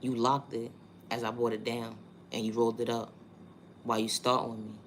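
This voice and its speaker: This vlogger, a man with a New York accent, speaks in a monotone mid-range voice with a fairly bright tone and a brisk pace. His monologue is emphatic and repetitive, full of rhetorical questions, over a faint hiss or hum.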